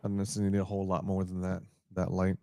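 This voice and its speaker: A man co-hosting a podcast, chatting casually in a relaxed, rambling way and often correcting himself. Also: low voice, rapid-fire, creaky, no room sound, clean studio sound. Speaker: podcast co-host. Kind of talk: casual chat.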